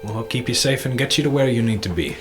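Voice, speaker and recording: A man narrating as dungeon master of a tabletop game, halting with fillers and laughing often. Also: medium pitch, lively intonation, music in the background.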